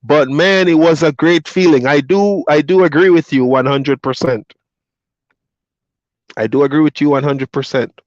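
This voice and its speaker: Jamaican man, Patois native, high-pitched, relaxed livestream chatter answering comments; dry, muffled audio. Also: moderate pace, no room sound. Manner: reads viewer comments aloud and chats back, easygoing, laughs often. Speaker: truck driver streamer. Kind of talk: casual livestream chat. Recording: dull lo-fi dry sound.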